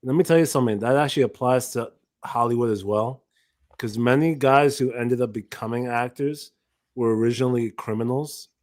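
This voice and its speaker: A man's voice: medium pitch, a little fast, a little mellow. A man co-hosting a casual podcast, blunt and profane, reading out viewer comments. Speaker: podcast co-host. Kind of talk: casual chat.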